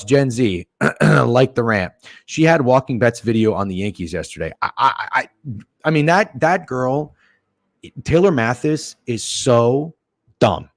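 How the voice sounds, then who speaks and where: A man hosting a sports betting livestream, ranting in a profane, opinionated way with sudden loud outbursts while reading chat. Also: medium pitch, no room sound, studio quality. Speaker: sports betting stream host.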